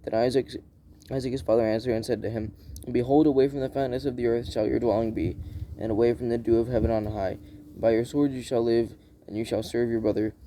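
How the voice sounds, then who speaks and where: A man reading scripture aloud in a plain, unhurried way, often restarting and correcting himself. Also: mid-range voice, steady tone, dark tone, a little hiss or hum. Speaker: Bible reader.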